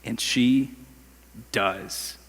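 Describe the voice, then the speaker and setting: A man's voice: mid-range voice, extremely slow, breathy edge, in a large hall. A male pastor preaching a sermon in a conversational, emphatic way, with casual slang. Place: church sanctuary.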